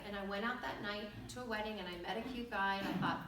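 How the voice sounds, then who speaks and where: A woman speaking at a women's ministry event, telling a personal testimony in an animated storytelling way and acting out the dialogue. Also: medium pitch, fast talker, hardly any pauses, a little hiss or hum. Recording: echoey hall, distant mic.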